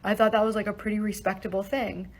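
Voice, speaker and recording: A young woman recounting an upsetting personal event in a casual storytime vlog, talking fast with lots of "like" and swearing, emotional and shaken. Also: mid-range voice, little pitch movement, rough recording. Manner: fast, breathless, heavy use of "like" and swearing.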